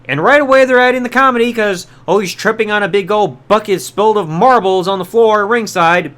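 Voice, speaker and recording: A man hosting a podcast, recapping storylines in a chatty, casual way with quick asides and quoted lines. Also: high-pitched, a bit bright. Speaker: podcast host.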